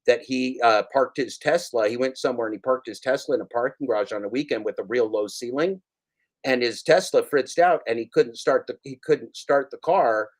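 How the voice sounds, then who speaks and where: A man's voice: medium pitch, brisk. Profane rambling man hosting a casual show. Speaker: show host. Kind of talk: casual chat.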